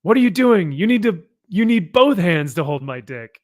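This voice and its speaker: A man reading out the lines of a crude, brutish male alien biker, loud and boastful as he reads. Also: a little high, big pitch swings, moderate pace.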